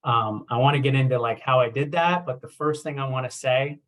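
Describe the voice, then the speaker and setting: A man's voice: mid-range voice, a little fast, a bit bright. A young man, a chiropractor, giving a casual talk and telling a self-deprecating story with lots of fillers. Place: presentation with slides.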